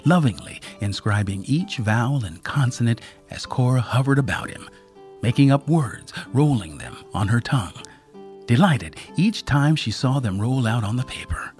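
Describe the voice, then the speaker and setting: A storyteller reading a story aloud, unhurried and expressive. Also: medium pitch, faint music behind. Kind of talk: storybook narration.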